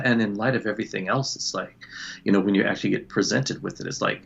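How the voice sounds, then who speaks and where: Casual talker, male, gravelly and husky, rambling video-call chat with muffled lo-fi sound. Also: fairly low pitch, fairly even intonation. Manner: rambling, self-interrupting, quick laughs. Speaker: book club guest. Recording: dull lo-fi call audio.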